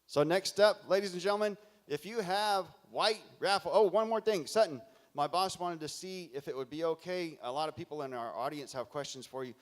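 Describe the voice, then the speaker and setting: A man with a slightly high voice emcees a conference on a mic in a large hall. He booms out applause cues and reads raffle numbers slowly and clearly. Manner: loud, hearty, calls out raffle numbers slowly.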